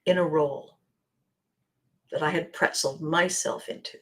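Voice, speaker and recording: A woman hosting her own podcast, speaking a reflective motivational monologue with slow, deliberate phrasing and drops into near-whispers. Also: deep voice, fairly even intonation. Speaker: podcast host.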